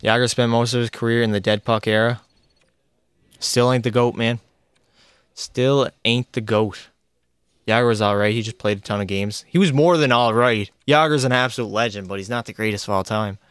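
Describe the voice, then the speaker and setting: A young male streamer calls his hockey game live, excitable and chatty as he talks to his chat and his virtual teammates. His voice is smooth and clear at an ordinary pitch. It sits close and dry on the mic with no room around it. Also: brisk, no echo. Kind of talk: live gameplay commentary.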